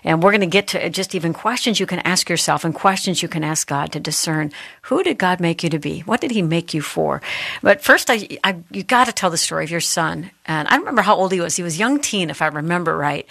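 A woman hosting an interview, asking questions eagerly and quickly. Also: fairly low pitch, animated, creaky, fairly bright tone, dry recording, clean studio sound. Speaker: host. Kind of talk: podcast interview.

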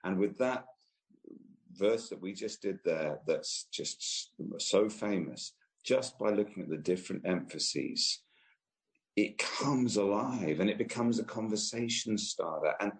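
A man, an author answering interview questions in a gentle, unhurried way with frequent restarts. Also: fairly low pitch, animated. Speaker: author and guest.

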